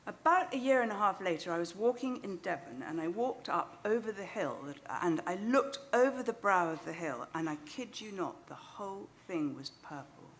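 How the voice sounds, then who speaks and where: A woman's voice: medium pitch, expressive, moderate pace, few pauses. Woman, British accent, middle-aged, rambling self-deprecating storyteller, faint background noise. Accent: British English. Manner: chatty, self-deprecating, anecdotal. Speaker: novelist. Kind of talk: live storytelling on stage. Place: stage of a small club venue.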